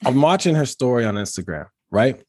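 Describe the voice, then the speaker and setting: A man's voice: mid-range voice, a little fast, no echo, clean studio sound. A man hosting a casual podcast, telling stories with lots of swearing and bits of mimicry. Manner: animated storyteller, swears freely, mimics others. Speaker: podcast host.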